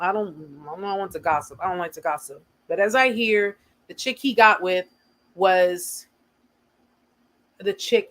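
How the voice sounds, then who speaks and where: A woman's voice: mid-range voice, fairly bright tone, poor audio. A woman with an American accent hosting a casual livestream, speaking earnestly and repeating her points for emphasis. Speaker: host of a survivor support livestream.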